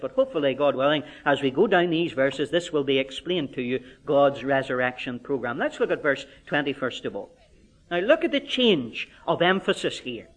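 Male preacher with a high voice, emphatic, building to loud declarations and dropping to hushed asides. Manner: emphatic, dramatic swings in pitch and volume. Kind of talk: sermon.

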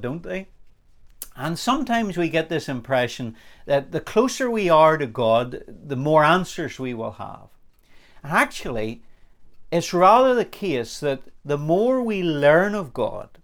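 A man's voice: sing-song, measured pace. A man teaching a recorded Bible study sermon, talking earnestly and lifting his voice on the words he stresses. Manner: earnest, emphatic, rising in pitch on key words.

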